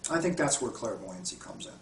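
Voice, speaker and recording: A man who works as a spiritual healer and retreat guide tells stories earnestly and from the heart during an interview, frequently restarting his sentences. His medium-pitched voice is expressive and a little fast, with slight background noise. The room is echoey and he sits far from the mic.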